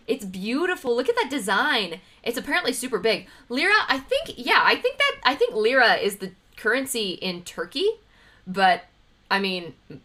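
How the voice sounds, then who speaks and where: A woman streamer talks her way through trivia questions in a casual livestream chat, laughing often and greeting her viewers. Her fairly high voice swoops and bounces with lots of expression. Her tone is bright and sharp.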